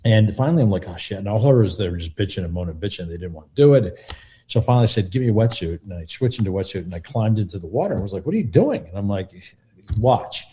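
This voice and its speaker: A middle-aged man, a film assistant director, telling lively anecdotes in an interview and acting out what others said. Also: lowish voice, fast. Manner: animated, acts out quotes of others.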